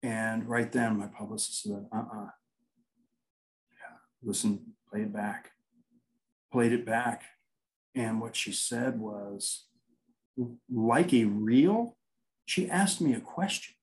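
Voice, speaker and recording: A man's voice: lowish voice, slow, long pauses, rough recording. A man, a paranormal investigator, telling anecdotes in a casual interview, rambling and acting out quoted dialogue.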